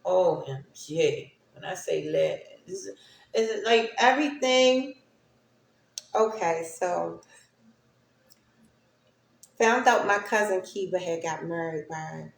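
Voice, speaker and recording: A woman's voice: mid-range voice, takes it slowly, vocal fry, pauses often. A woman casually telling a personal story to her viewers, chatty and often checking in with "right?". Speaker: speaker sharing personal stories. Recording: roomy echo.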